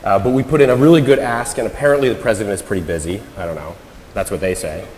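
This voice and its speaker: A man from the United States giving a conference talk, telling a story with lively energy and acting out what people said. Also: lowish voice, fast talker, slight background noise. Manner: animated storyteller, acts out quoted lines. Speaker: conference speaker. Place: large hall. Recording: roomy hall with long reverb.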